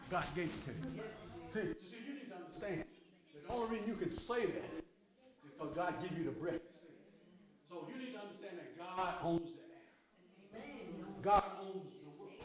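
Brief: older man preacher, very high and hollering, echoey church with a crowd behind. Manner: hollering, playful, call-and-response with the congregation. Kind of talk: lively church sermon. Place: church hall with congregation.

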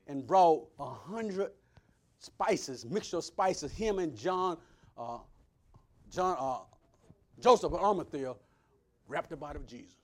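A man preaching a sermon, swinging between loud preaching and hushed asides. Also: high-pitched. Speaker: pastor.

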